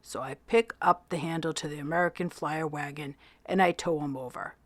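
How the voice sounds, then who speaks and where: A woman teacher reading a novel aloud in an expressive storytelling voice, narrating in the first person. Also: sits low, fairly quick, no room sound.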